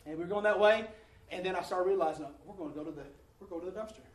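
A man giving a preached testimony in church, fervent, swinging from hushed to shouting. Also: sits high, very fast. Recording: echoey room, mic at a distance.

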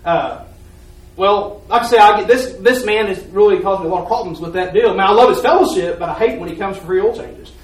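High-voiced man testifying in an echoey church. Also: brisk, recorded from a distance. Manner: earnest, rambling storytelling with repeated words. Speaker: church member giving testimony. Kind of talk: personal faith testimony.

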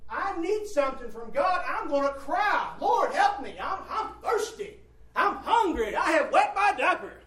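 Preacher man doing a whiny baby crying for help, high and pleading, echoey room, mic far off. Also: sing-song, a little slow, a bit bright, full character voice. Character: crying hungry baby boy pleading to God. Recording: roomy hall from a distant mic.

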